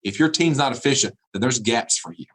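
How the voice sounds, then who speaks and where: A husky-voiced man delivers a motivational keynote over a remote video call. He preaches with emphasis and leans on repeated phrases. His pitch swings widely, rising and falling as he drives each point home. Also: expressive, a little fast, fairly bright tone. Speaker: keynote speaker.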